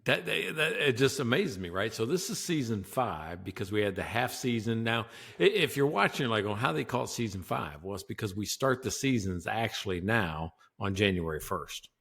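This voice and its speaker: A man's voice: on the low side, expressive, moderate pace, gravelly, hardly any pauses, a bit bright, slightly rough. A man co-hosting a casual business podcast, joking and laughing often as he talks. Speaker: podcast co-host.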